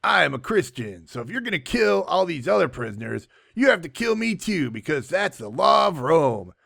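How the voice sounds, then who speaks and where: Earnest young prisoner-spy, played by a man, gravelly and overdramatic. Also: fairly high pitch, sing-song, moderate pace, fairly bright tone, full character voice. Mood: defiant.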